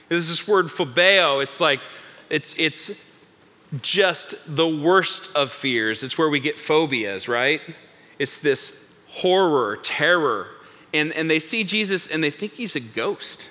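Animated male preacher in a reverberant hall. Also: fairly high pitch, unhurried. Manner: animated, acts out biblical characters with big voice swings. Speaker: pastor. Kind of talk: sermon.

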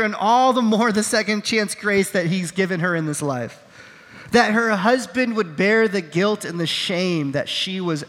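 High-voiced male pastor in a reverberant hall. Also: a bit bright. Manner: storytelling with acted quotes, earnest and self-deprecating. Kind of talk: sermon. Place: on a stage in a large hall. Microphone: wearing a microphone.

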